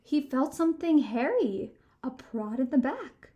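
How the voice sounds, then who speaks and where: A woman's voice: sits high, a little slow, lo-fi sound. A woman librarian reading a storybook aloud to children and talking to them directly. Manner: animated, addressing kids directly.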